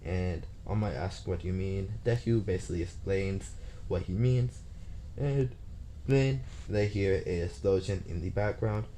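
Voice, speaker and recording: A man's voice: sits low, a little slow, dark tone, a little hiss or hum. A man casually retelling a fan-made story off the cuff, thinking aloud and plotting as he goes.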